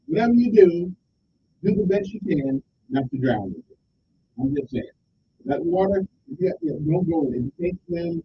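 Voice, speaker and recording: A man's voice: normal speed, creaky. A middle-aged man, hosting a radio talk show in a joking, rambling monologue. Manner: joking, rambling, animated delivery. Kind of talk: casual call-in radio monologue. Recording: dull lo-fi radio sound with faint rumble.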